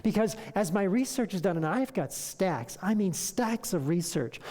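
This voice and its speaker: A health lecturer addressing an audience, asking rhetorical questions and acting out conversations with lively emphasis. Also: mid-range voice, moderate pace, big-room sound. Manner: animated, rhetorical questions, acts out dialogue.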